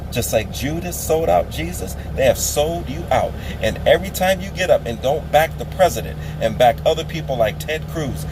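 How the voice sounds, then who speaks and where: Brief: a man on a preachy political rant, a bit higher-pitched than most, faint traffic behind. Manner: preachy, emphatic, repeats phrases for effect. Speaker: political vlogger. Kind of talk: impassioned political rant to camera.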